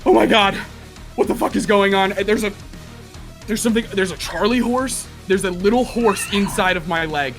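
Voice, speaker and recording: A man's voice: high voice, moderate pace, a bit bright, soft background music, voice pushed up. A man voicing a panicked patient on an operating table, frantic and swearing.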